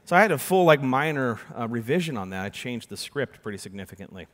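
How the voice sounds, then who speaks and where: A young adult man giving a conference keynote, telling a story with sudden loud and soft turns on a stage microphone. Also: medium pitch, big pitch swings, fast. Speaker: keynote speaker. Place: large conference hall. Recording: long hall reverb.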